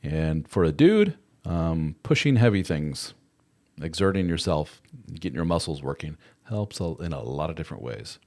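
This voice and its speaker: A man's voice: rumbling low, sing-song, moderate pace, darkish tone. A middle-aged man hosting a casual livestream, answering viewer comments in a frank, conversational way with the odd curse word. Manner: frank and conversational, with occasional swearing. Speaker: host answering viewer chat.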